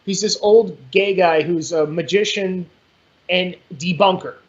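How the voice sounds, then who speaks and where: A man's voice: high voice, unhurried. A man in casual political chat, talking bluntly and cursing freely. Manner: blunt and profane, animated. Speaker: podcast guest. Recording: dull lo-fi sound.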